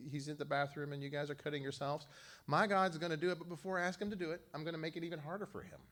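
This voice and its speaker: A man voicing a bold, scornful male prophet who mocks his rivals loudly in a raised, high voice. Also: animated, fast, natural voice. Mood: taunting. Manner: mocking, sarcastic, loud and high-pitched.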